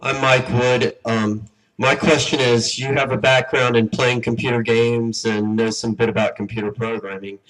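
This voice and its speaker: A man's voice: mid-range voice, little pitch movement, normal speed, fairly bright tone, recorded from a distance, low-quality recording. A man in the audience asking a hesitant question from the floor of a conference.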